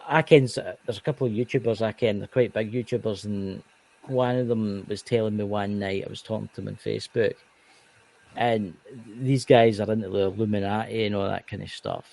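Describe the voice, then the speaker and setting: A man's voice: lowish voice, steady tone, fairly quick, vocal fry, a little mellow, low-quality recording. A man with a Scottish accent in a casual chat, rambling as he tells a story.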